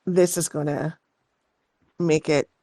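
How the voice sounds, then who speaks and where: Voiced by a woman, a knowledgeable male shopkeeper speaks in a measured, explanatory way, plainly concerned about what he has seen. The sound is dry and close. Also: low voice, little pitch movement, dark tone, no room sound. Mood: thoughtful.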